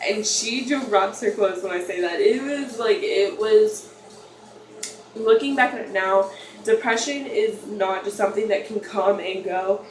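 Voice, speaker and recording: A woman's voice: mid-range voice, a little slow. A young woman vlogger telling a personal story in a rambling, confessional way, full of fillers and restarts. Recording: echoey room, mic far off, faint noise.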